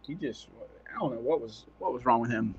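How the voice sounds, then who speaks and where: A man's voice: mid-range voice, brisk. Chatty man calling a game, dull lo-fi sound. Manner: excitable, chatty, often laughs. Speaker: live-stream commentator. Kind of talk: casual play-by-play commentary.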